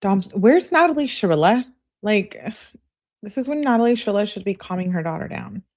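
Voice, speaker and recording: A woman's voice: mid-range voice, animated, normal speed, a little mellow. A young woman giving casual true crime commentary in a blunt, sarcastic way, swearing freely. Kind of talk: casual commentary reading out texts.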